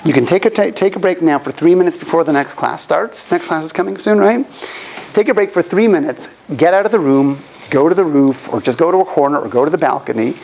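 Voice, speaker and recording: Man teaching a class, animated storyteller, faint room hiss. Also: on the high side, gravelly, rough recording. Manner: animated storyteller, acts out quoted voices. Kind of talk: storytelling lecture. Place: classroom opposite the Western Wall.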